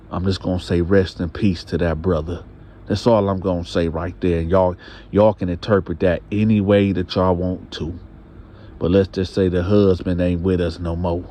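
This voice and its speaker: A man's voice: low-pitched, dark tone, a little hiss or hum. A man hosting a casual storytime, restarting phrases and talking straight to his viewers. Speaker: storyteller, channel host.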